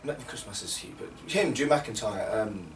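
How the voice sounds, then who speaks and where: A man hosting a casual talk show, reacting quickly and in an animated way. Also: medium pitch. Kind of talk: casual chat. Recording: echoey room, distant mic, faint hiss.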